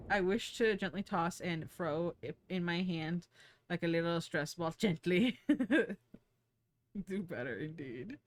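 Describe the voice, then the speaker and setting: A woman streamer chatting casually, rambling and giggling, with casual swearing and playful baby talk, her pitch leaping high when she gets excited. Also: normal speed. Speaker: streamer and 3D artist.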